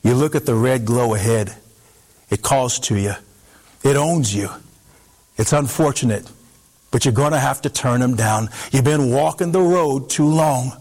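A man narrating a story in the second person in an expressive, dramatic way, pausing for effect. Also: mid-range voice.

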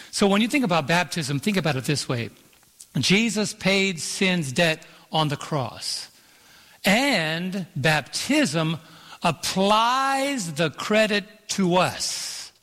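Animated but a little slow, this male pastor has a fairly bright voice that sits a bit high. He preaches emphatically, stretching scripture verses and asking for "Amen", and the church auditorium's long reverb rings through the sound.

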